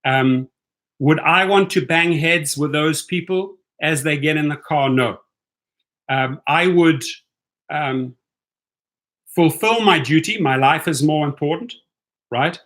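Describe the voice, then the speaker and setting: A man's voice: fairly high pitch, slow, pauses often, fairly bright tone. Chatty South African man hosting a livestream. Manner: chatty, blunt, reads out viewer questions. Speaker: livestream host answering viewer chat. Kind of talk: casual live-stream chat.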